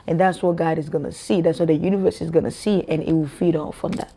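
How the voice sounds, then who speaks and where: A woman's voice: low-pitched, fairly even intonation, fast talker, mellow. Preachy woman talking to her viewers. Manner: preachy, asks viewers rhetorical questions; informal, addresses viewers as y'all. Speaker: spiritual vlogger. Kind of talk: casual spiritual monologue to camera.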